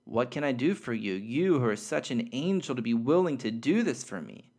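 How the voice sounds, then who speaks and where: A man's voice: medium pitch, lively intonation, normal speed, a little mellow. A man reading the part of a small, innocent soul spirit full of eager wondering questions.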